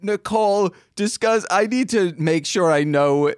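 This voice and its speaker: A man's voice: high-pitched, a little slow, smooth, no echo, studio quality. A man co-hosting a podcast, chatting casually and telling jokey stories. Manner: joking, animated storyteller. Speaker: podcast co-host. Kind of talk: casual chat.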